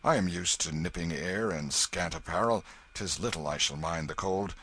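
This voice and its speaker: Man doing a kindly storybook knight, bluff and cheery, slightly husky. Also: deep voice, moderate pace, bright, forceful tone, exaggerated voice. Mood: concerned. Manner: cheery, bluff old-fashioned speech. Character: tall, kindly, hearty grown knight.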